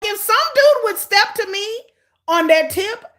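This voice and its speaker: A middle-aged woman giving blunt, sarcastic, animated commentary on a reality show she is watching. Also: very high voice, a little slow. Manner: hyperactive and energetic. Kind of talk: casual live watch-along commentary.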